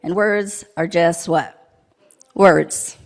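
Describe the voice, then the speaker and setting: A woman's voice: fairly low pitch, fairly even intonation, very slow. Playful woman telling a children's story. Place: church sanctuary.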